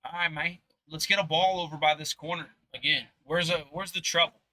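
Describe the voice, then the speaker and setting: Guy commentating pool live, super bright voice, rants and rambles a lot. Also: a little high, brisk, dry recording. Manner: animated, rambling, motivational ranting. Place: sports bar. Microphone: booth microphone.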